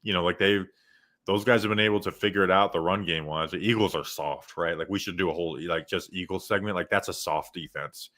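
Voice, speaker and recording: Excitable young man, bright voice. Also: low-pitched, brisk. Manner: excitable, rambling, lots of "like". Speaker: podcast host. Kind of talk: casual sports chat.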